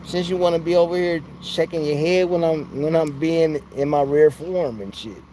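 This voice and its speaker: A man's voice: on the high side, fairly even intonation, moderate pace, dark tone, slight background noise. A man hosting a casual live stream from outside his home, talking into a phone in a rambling, slangy way and laughing often. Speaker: livestream host.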